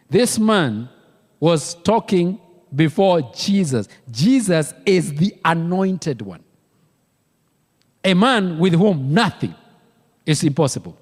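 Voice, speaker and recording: A man's voice: a little high, long reverb tail. A man with a Kenyan accent preaching a sermon as pastor, emphatic and repeating key words for weight. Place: church.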